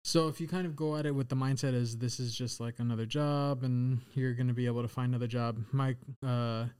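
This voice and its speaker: A young man in his twenties talks through things as a podcast guest, rambling loosely and peppering his talk with "like" and the occasional curse. His voice sits at an average pitch. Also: fairly even intonation, brisk, a little mellow, clean tone. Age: 20s. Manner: rambling, casual, swears, lots of "like". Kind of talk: casual chat.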